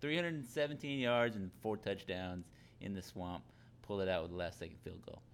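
A man's voice: deep voice, moderate pace, slight background noise. A young man hosting a casual chat, rambling with lots of fillers and restarts.

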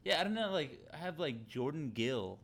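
A man's voice: fairly high pitch, big pitch swings, normal speed, vocal fry, fairly bright tone. A young man hosting a casual chat, rambling with lots of fillers and restarts.

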